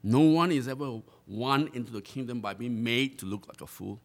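An earnest male pastor delivering a sermon. His pitch sits in the middle range, and he draws out the words he wants to land. He sometimes stumbles and restarts a phrase as he presses his point. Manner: earnest, drawn-out emphasis on key phrases; repeats and restarts words while preaching.

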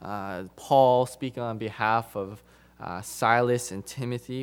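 A man preaching a sermon to his congregation, emphatic, repeating phrases for stress and moving between loud and soft passages. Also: medium pitch, steady tone, measured pace, smooth.

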